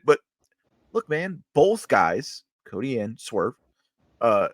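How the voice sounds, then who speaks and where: Male co-host, mid pitch, lively inflection, relaxed analytical chat, dry close sound. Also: slow, no echo. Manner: laid-back analytical, profane, with filler ums. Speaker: wrestling podcast co-host. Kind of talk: casual chat.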